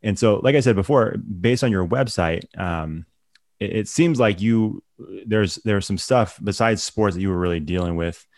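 A man with a very low voice hosts a relaxed interview, chatty and affirming. His voice sounds dry and close, with no room echo. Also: moderate pace. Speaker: interview host. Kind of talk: casual interview.

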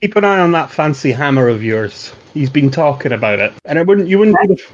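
A man's voice: very animated, fairly quick. A man voicing a friendly, handsome young male town guardsman who talks in a confiding, helpful way, heard over a dull, lo-fi line. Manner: confiding, low-key helpful.

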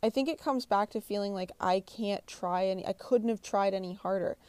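A woman's voice: medium pitch, fairly quick, warm tone, clean tone, no echo. A young woman giving a blunt, profane motivational pep talk, swearing freely and pushing the listener hard. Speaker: motivational speaker.

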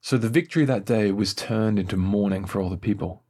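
A man leading morning prayer, reading scripture aloud in a measured, solemn way and lifting his voice slightly for quoted speech. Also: fairly low pitch, darkish tone, slightly rough.

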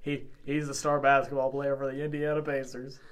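A man's voice: medium pitch, level tone, fairly quick. A young man co-hosting a casual podcast, joking and plugging the show. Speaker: podcast co-host. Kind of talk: casual chat.

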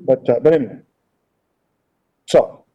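A man teaching a casual Bible class, talking in a halting way with many fillers and repeated words, on a dull lo-fi recording. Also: mid-range voice, expressive, breathy edge.

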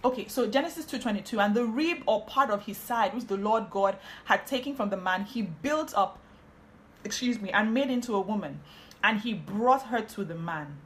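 A woman's voice: medium pitch, animated, normal speed, slight background noise. A woman, hosting a podcast and giving a casual, chatty Bible teaching on marriage, often drifting into asides.

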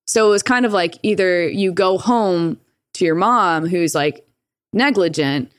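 A woman's voice: lowish voice, a little slow, dry recording, clean studio sound. A woman telling a story in a casual, rambling way, swearing freely and acting out the voices she quotes. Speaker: guest.

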